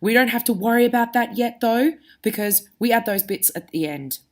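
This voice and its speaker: Woman reading as a schoolgirl witch, know-it-all, brisk, storybook reading. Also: a little high, voice pushed up, close to an everyday voice. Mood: dismissive. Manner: reading aloud, lightly voiced.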